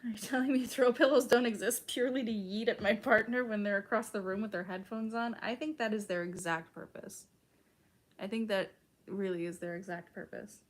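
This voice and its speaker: A woman's voice: medium pitch, steady tone, brisk. A young woman from Chicago chatting casually with her stream's chat, full of "like" and casual swearing. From Chicago, United States.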